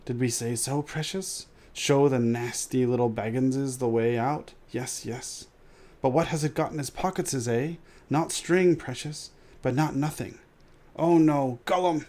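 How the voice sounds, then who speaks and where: A man's voice: measured pace, a little mellow, close to an everyday voice. A man voicing a slimy, desperate cave creature who hisses and wheedles while reading a storybook aloud. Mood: wheedling. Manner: hissing, wheedling, shrill when upset.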